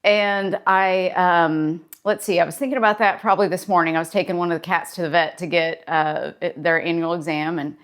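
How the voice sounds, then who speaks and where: A woman's voice: fairly low pitch, steady tone, fairly quick, few pauses. A woman therapist talking in a casual daily vlog, chatty and encouraging as she tells a story, wearing a personal mic.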